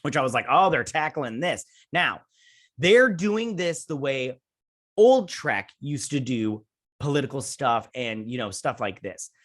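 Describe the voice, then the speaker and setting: A man's voice: mid-range voice, expressive, a little slow, fairly bright tone. A man in his thirties hosting a review show, recapping an episode in a rambling, casual way, full of fillers and jokey asides.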